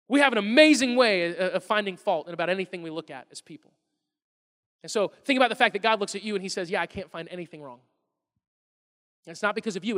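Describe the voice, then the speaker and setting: A man's voice: high-pitched, a bit bright. A middle-aged man preaching a sermon as a pastor, conversational and then building to emphatic bursts. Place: church hall. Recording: live sermon with long hall reverb.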